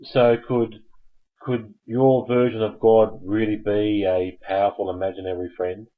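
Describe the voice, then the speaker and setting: A man with a low, slightly husky Australian voice hosts a live call-in show, drawling slowly. He rambles and jokes, laughing at his own lines. The sound is muffled and lo-fi, like an old webcast. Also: flat delivery. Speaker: host.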